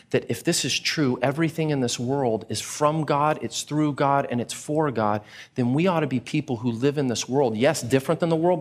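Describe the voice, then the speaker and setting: A man preaching a sermon, telling a personal story with animated, acted-out reactions. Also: medium pitch. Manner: animated storyteller, acts out his own reactions. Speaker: pastor.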